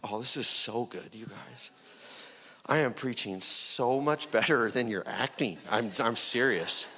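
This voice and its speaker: A man's voice: mid-range voice, a little slow, husky. Impassioned male preacher, whispers to peaks. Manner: impassioned, rising to loud peaks then dropping to hushed whispers; asks the congregation rhetorical questions. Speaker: pastor. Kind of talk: sermon.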